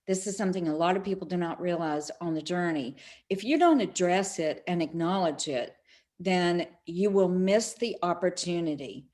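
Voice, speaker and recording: A woman's voice: fairly low pitch, moderate pace. A middle-aged woman, a spiritual speaker, telling stories in an interview and acting out the quoted dialogue. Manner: animated, acts out quoted dialogue. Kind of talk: storytelling in an online summit interview.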